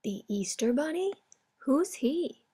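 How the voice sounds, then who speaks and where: A woman's voice: sits high, slow, voice pushed up, exaggerated voice. A woman voicing an eager, curious young boy hare in a storybook. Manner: eager, excited.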